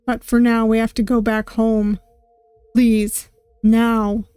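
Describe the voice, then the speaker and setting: Woman voicing young male yandere captor, gentle, slow, pleading; game music faint behind. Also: on the high side, little pitch movement, clean tone, dry recording. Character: soft-spoken young male yandere kidnapper.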